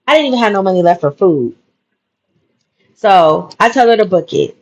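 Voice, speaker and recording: A woman's voice: mid-range voice, normal speed, rough recording. Woman telling a story, emphatic, keeps repeating stuff, casual chat. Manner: animated, emphatic retelling with repeated phrases.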